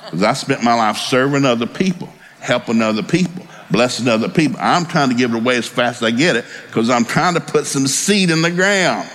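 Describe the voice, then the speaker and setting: A pastor preaching a sermon in a folksy, storytelling way with joking asides. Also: male voice, mid-range voice, expressive, a little fast, hardly any pauses, fairly bright tone.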